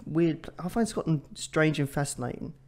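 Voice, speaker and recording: A man co-hosting a casual podcast chat, rambling and joking excitably. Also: on the high side, moderate pace, crowd noise. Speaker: podcast co-host.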